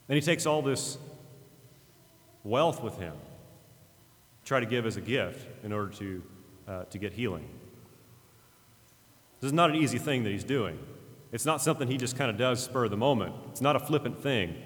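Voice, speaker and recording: A man's voice: medium pitch, big-room sound. A man preaching a conversational, earnest sermon, retelling a scripture story with frequent fillers and restarts. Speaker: pastor.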